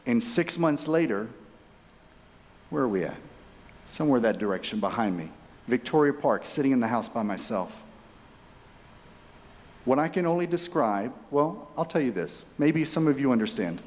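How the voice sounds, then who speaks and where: A man in his fifties tells a personal story at a conference keynote. His mid-pitched voice is chatty and animated, and he talks straight to the crowd. It rings out with a long reverb through a large hall. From Texas. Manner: animated, chatty, addresses audience directly. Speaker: keynote speaker.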